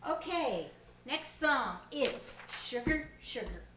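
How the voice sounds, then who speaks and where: A woman's voice: sits high, very animated, takes it slowly, noisy background. A woman in her sixties hosting a home ukulele jam, chatty, laughing easily as she introduces songs and teaches a strum. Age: 60s. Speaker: host and song leader. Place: home kitchen. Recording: roomy kitchen, distant mic.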